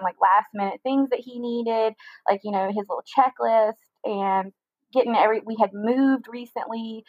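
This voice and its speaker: A young woman telling a personal story in a casual interview, talking quickly with lots of "like" fillers. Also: medium pitch, dry recording, phone-quality sound. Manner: fast chatty storytelling with many "like" fillers. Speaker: guest telling her story.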